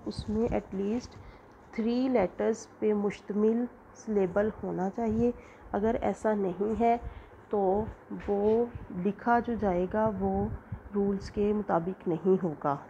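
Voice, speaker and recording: Woman teacher with a dark, mellow voice. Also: medium pitch, lo-fi sound, a little hiss or hum. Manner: explanatory, repeats points for students. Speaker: school English teacher. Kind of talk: classroom lecture mixing Hindi and English.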